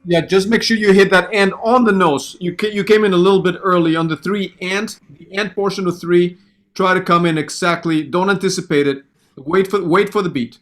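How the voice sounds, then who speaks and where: A man's voice: high voice, steady tone, fairly quick, fairly bright tone. A man giving a piano lesson, patiently counting beats aloud and singing the rhythms he wants. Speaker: piano teacher. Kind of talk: online music lesson.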